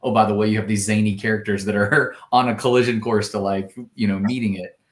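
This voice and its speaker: A man's voice: on the low side, fairly even intonation, quick pace. A man talking as a guest actor in a casual interview chat, thoughtful with joking asides. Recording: echoey room.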